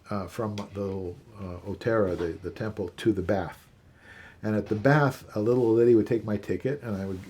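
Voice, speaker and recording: Canadian professor, older man, husky low voice, reflective storytelling, halting delivery. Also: a little mellow. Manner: halting, many fillers and restarts. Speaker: psychiatry professor interviewed.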